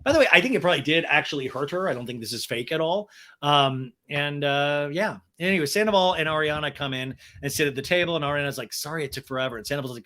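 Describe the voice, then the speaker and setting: A man hosts a comedy podcast, recapping reality TV with campy sarcasm and plenty of swearing. His voice sits high and sounds bright and forceful, and he slips into voices to act out the cast's lines. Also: expressive, fast. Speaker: podcast host.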